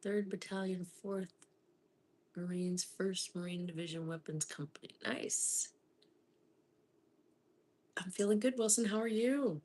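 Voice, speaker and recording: A middle-aged woman from Florida chatting casually while cooking in her home kitchen, laughing often and sometimes dropping to a soft half-whisper. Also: medium pitch, measured pace, long pauses. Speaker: live-stream cooking host.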